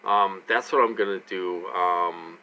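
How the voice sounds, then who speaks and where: Man with a Minnesotan accent, lowish voice with a hard bright edge, blunt and meandering vlog chatter. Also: fairly even intonation, a little slow, lo-fi sound, a little hiss or hum. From United States. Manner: rambling and repetitive, many ums, blunt and coarse. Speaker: vlogger. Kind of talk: casual monologue to viewers.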